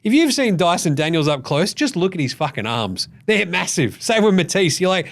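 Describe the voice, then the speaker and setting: A man's voice: high voice, normal speed, creaky, hardly any pauses. Profane, fired-up Australian man. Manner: profane, animated, exasperated. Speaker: basketball podcast host. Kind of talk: ranting casual commentary.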